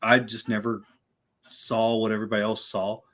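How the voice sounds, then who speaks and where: A man's voice: on the low side, completely flat delivery, moderate pace, a bit bright. A man co-hosting a casual horror movie livestream, rambling with repeated words and lots of "dude" and "like". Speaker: livestream co-host.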